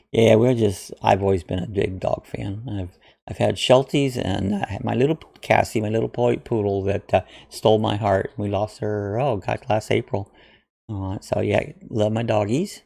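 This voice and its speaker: A man's voice: on the low side, moderate pace, creaky, dark tone. A man from Ohio hosting his channel, casually chatting through viewer comments with lots of uhs and restarts. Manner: rambling, friendly, with frequent uhs and restarts. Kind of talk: casual chat.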